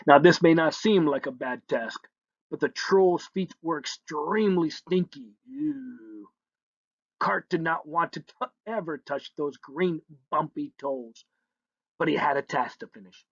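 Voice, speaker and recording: Slow, gravelly man telling a children's story. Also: fairly high pitch, no room sound. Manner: playful, hums sound effects between lines. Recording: dull lo-fi recording.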